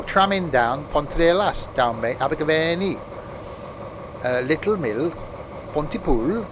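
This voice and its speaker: A man streams a train game and chats loosely as he plays, with a slightly high speaking voice. He rambles, makes jokes, and often loses his thread mid-sentence. A faint hiss sits under the voice. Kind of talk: casual gameplay commentary.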